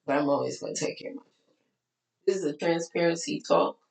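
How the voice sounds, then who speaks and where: A woman's voice: lowish voice, fast, creaky, darkish tone, echoey room, low-quality recording. A woman life coach with a Texas accent, talking candidly to her followers in a tired voice that keeps cracking. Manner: candid, chatty, preachy asides. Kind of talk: casual talk to followers.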